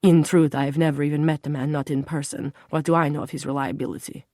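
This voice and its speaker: A woman's voice: deep voice, a little fast, darkish tone, no room sound, studio quality. A woman voicing an anxious male political handler who talks earnestly and turns faltering and defensive when pressed.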